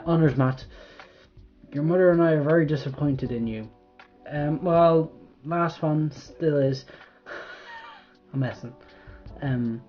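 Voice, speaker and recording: The sound quality is lo-fi as a young Irish vlogger chats through a quiz at medium pitch. He rambles, swears freely, and keeps breaking off mid-thought in this casual chat.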